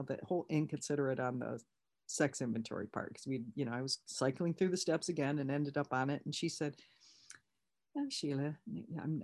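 A woman's voice: sits low, darkish tone. A woman leading an online recovery workshop, talking candidly and conversationally with many restarts.

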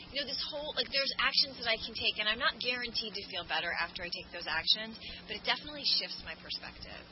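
A woman's voice: fairly high pitch, fast, hardly any pauses. Candid woman sharing at a recovery meeting. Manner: candid, self-deprecating, rambling with many fillers. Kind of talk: personal share at a twelve-step meeting. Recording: muffled lo-fi recording with background noise.

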